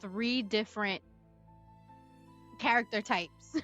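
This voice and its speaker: A woman's voice: medium pitch, slow pace, a bit bright, muffled recording, soft background music. A woman co-hosting a book club podcast, giggly and casual, chatting in loose slang. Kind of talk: casual chat.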